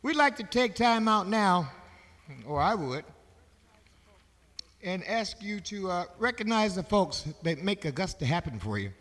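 A man's voice: sits high, sing-song, unhurried, a bit bright, big-room sound. A man emceeing a concert, making stage announcements in a loose, joking, conversational way.

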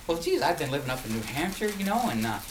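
A man's voice: a little high, very animated, quick pace. Brief: male folk storyteller, rambling and chuckling; distant mic, noticeable background noise. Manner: rambling, many restarts, chuckling. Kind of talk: folksy spoken storytelling.

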